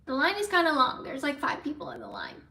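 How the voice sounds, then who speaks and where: A young woman vlogger telling a story in a casual, chatty, excitable way, full of likes and ums. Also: sits high, fast. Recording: roomy, from a distance off mic.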